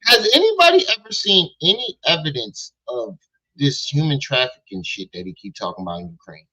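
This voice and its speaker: A man's voice: fairly high pitch, bright, forceful tone, rough recording. A man hosting a reaction stream who mocks and questions what he hears in disbelief. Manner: mocking, incredulous, repetitive questions. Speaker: reaction channel host. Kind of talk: mocking reaction commentary.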